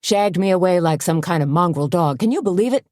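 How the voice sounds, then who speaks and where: A man's voice: high-pitched, lively intonation, a little fast, darkish tone, no echo. Indignant, peevish small-town male reporter read by a woman, audiobook, dry close sound. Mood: peeved. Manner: huffy, sputtering and indignant. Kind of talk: audiobook character voice.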